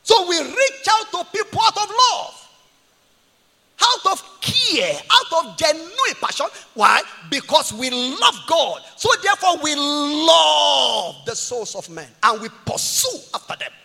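A man preaching a sermon as a pastor, impassioned, swinging between shouts and quiet asides. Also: extremely high pitch, big pitch swings, takes it slowly, creaky, in a large hall. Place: church.

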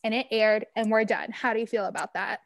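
A woman's voice: on the high side, steady tone, brisk, no room sound, dull audio. A woman co-hosting a podcast in casual chat, bubbly and playful. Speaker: podcast co-host.

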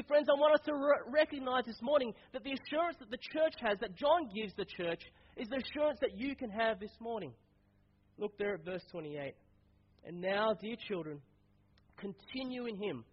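Stuffy-nosed man preaching, high husky voice. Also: muffled recording. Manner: casual, conversational preaching with many fillers. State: stuffy, nasal from a cold. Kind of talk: sermon.

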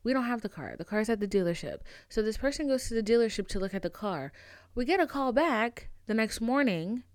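A woman's voice: expressive, fairly quick, dry recording, studio quality. Brash, profane young woman storyteller. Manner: brash, profane and dramatic, big swings in pitch and loudness. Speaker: podcast host. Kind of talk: casual storytelling monologue.

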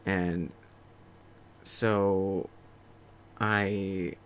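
A man's voice: low-pitched, fairly even intonation, extremely slow, slight background noise. A young man casually telling a profane, self-mocking story to camera. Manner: profane, self-mocking, rambling anecdote with acted-out quotes. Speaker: vlogger.

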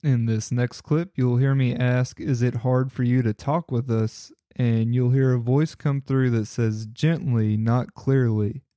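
A man talks through his paranormal recordings in an earnest, wondering way. His voice sits dark and mellow, recorded close and dry. He sounds like he is musing out loud about what he heard. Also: medium pitch, steady tone, unhurried, hardly any pauses, no room sound. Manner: earnest, speculative, reflective. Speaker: paranormal investigator. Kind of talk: casual narration over audio clips.

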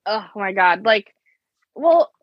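Female co-host, American accent, husky, dry sound, words run together. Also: mid-range voice, expressive, slow pace, no room sound, muffled recording. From Chicago area, USA. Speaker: podcast co-host. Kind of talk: casual chat.

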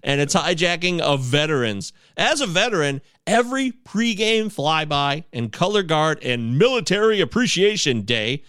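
A man from Michigan hosts a podcast in a lively, bouncing voice that rides high for a man. He jokes with his friends and reads listener emails, tripping over words as he goes. His voice is close and dry, with no room around it. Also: moderate pace, hardly any pauses, smooth, no echo. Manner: animated, joking, stumbles over words while reading aloud. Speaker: podcast host. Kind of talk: casual podcast chat, reading listener emails.

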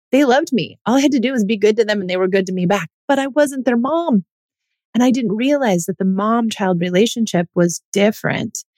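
A woman's voice: on the low side, gravelly, a little mellow, no echo. A woman in her thirties, a mother, speaking candidly and reflectively in a personal monologue. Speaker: mother telling her parenting story.

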